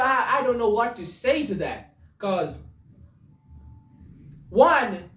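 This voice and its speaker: A woman's voice: a little high, fairly bright tone, far from the mic. Crude stammering woman podcaster. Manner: crude, stammering, laughs at own jokes. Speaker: podcast host. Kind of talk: casual joke commentary. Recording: echoey room, voice away from the mic.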